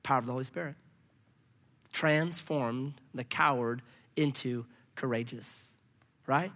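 A male pastor preaching a sermon, telling stories with acted-out dialogue and swinging from loud exclamations to hushed asides. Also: mid-range voice.

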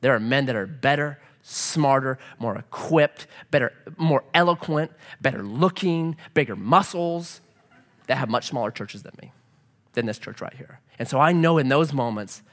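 A male pastor preaching a sermon in a church, animated and acting out quoted voices as he speaks. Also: medium pitch, moderate pace.

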